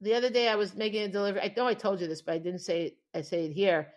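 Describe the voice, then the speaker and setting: Talking at a racing clip in a medium-pitched voice, this podcast co-host tells stories in a relaxed conversation. She laughs a lot and performs the quoted lines with lively, animated flair.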